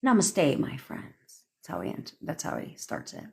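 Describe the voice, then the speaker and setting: A young woman with a low, deep-set voice rants to her livestream viewers, talking bluntly and swearing freely. She laughs often between points and speaks into her phone. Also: huge pitch swings, moderate pace, creaky, warm tone, whispered. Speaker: manifestation coach. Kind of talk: livestream rant.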